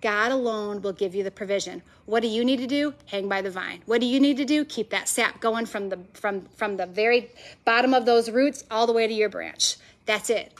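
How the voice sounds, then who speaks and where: A women's ministry speaker with a voice on the high side delivers a sermon at normal speed before a live audience at an event venue. Her preaching is passionate and emphatic, built on stacked, repeated phrases.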